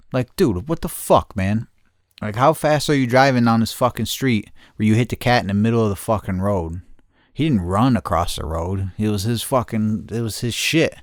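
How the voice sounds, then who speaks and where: Low-voiced swearing man telling a story. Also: no room sound, studio quality. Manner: heavy swearing, rambling, laughs often. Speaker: podcast host. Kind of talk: casual storytelling.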